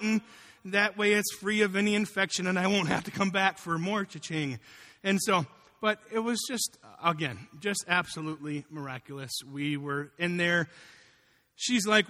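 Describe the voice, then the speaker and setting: Bright high-voiced preacher man in a reverberant hall. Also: normal speed. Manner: animated storytelling, acting out quotes. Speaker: pastor. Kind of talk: sermon with personal testimony.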